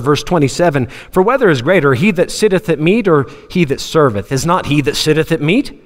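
Guy preaching, lively, does voices for the bible folks, laughs a lot, big echoey church sound. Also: fairly high pitch, fairly quick, few pauses. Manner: animated, acts out Bible scenes in voices; laughs often. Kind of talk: sermon. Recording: long hall reverb.

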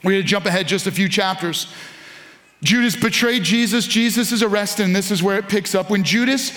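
A man's voice: high voice, fairly quick, fairly bright tone, reverberant. A man preaching a sermon to a congregation, reading scripture aloud and speaking to the listeners directly. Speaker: pastor.

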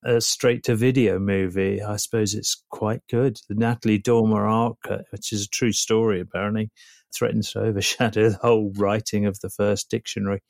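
A man weighs up a film in a measured, wry way. His voice is low and gravelly, and it is recorded dry and close with no room sound. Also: little pitch movement, dry recording. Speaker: film reviewer. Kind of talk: casual film review chat.

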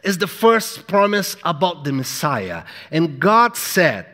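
A man preaching a sermon in an emphatic, repetitive way, moving between hushed and loud delivery. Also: fairly high pitch, very animated, slow. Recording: echoey hall with long reverb.

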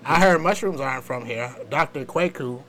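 A man's voice: medium pitch, normal speed, fairly bright tone. A man hosting a podcast, talking animatedly, laughing often and swearing in casual chat. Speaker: podcast host.

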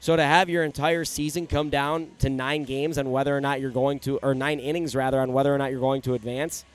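A man's voice: mid-range voice, flat delivery, a little fast, clean tone. A man hosting a solo sports podcast, talking candidly and giving his opinions in a conversational way. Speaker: podcast host.

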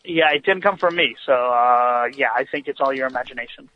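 A radio co-host joins the show by phone while driving, chatty and full of jokes in casual banter. He talks briskly at a medium pitch over a tinny car phone line with a little hiss or hum.

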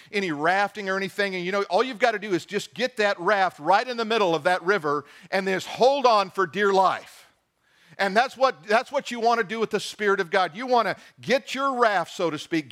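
A pastor preaching a sermon, reading scripture aloud and asking the congregation questions with emphasis. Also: male voice, high voice, fairly bright tone.

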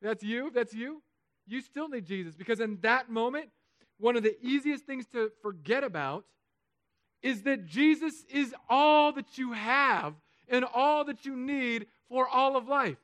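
A man preaching a sermon as pastor, emotional, swinging between loud urging and soft, hushed stretches. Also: very high-pitched, measured pace, no room sound.

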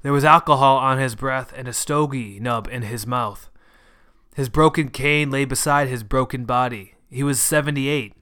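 A man's voice: mid-range voice, moderate pace, pushed and bright. A man reading a short story aloud as its narrator. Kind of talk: scripted narration.

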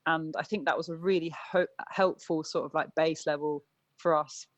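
A woman's voice: low-pitched, steady tone, normal speed, no echo. A woman in her thirties, a punk band musician being interviewed, talking in a chatty way full of fillers and self-corrections. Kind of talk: casual interview chat.

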